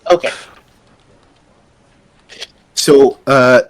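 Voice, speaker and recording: A man's voice: mid-range voice, drawn-out words. A man voicing a nervous male skeleton ex-convict in a tabletop role-play, stammering and repeating himself evasively.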